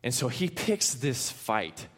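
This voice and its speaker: A man from Kansas preaches a sermon, telling the story with lively, playful asides. His middle-pitched voice carries a long reverb, as if he were in a large hall. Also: slow. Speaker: pastor.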